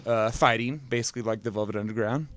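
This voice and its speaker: A man, a guest musician and advice columnist, chatting in a rambling, deadpan way and laughing at his own jokes. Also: fairly low pitch, quick pace. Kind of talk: casual live talk-show chat.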